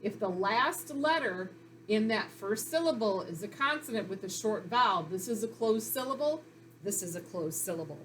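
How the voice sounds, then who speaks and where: A woman's voice: mid-range voice, animated, moderate pace, a bit bright, a little hiss or hum. A woman teaching a phonics lesson to young children, sounding out letters and syllables in a patient, encouraging way. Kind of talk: recorded reading lesson for children.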